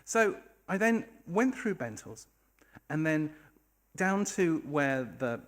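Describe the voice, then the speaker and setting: A man's voice: fairly high pitch, big pitch swings, takes it slowly, fairly bright tone. A man telling a funny story on a bar stage, wry and self-deprecating. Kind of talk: live storytelling.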